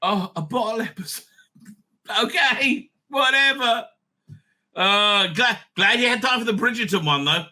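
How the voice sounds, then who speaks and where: A man's voice: extremely high pitch, measured pace, sharp tone. A middle-aged man hosting a casual live-stream review. He rambles, swears a lot and laughs often. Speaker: rabbi and show host.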